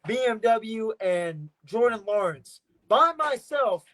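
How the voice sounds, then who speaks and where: High-voiced boastful wrestler man. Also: animated, slow pace, fairly bright tone. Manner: boastful trash talk, repeats his points. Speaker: professional wrestler, podcast guest. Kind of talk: casual podcast interview.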